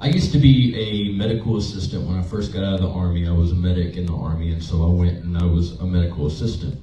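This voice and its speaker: A man's voice: deep voice, fairly even intonation, quick pace, warm tone, slight background noise. A man, a pastor, preaching a conversational sermon, telling personal stories and asking his congregation questions. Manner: conversational, emotional storytelling with audience questions. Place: church sanctuary. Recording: roomy, distant, dull church recording.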